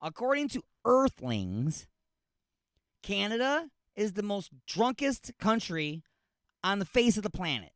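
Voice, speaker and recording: High, lively ranting radio host man. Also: measured pace, no echo, clean studio sound. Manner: ranting, keeps firing rhetorical questions; restarts and repeats himself. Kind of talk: comedic talk radio monologue.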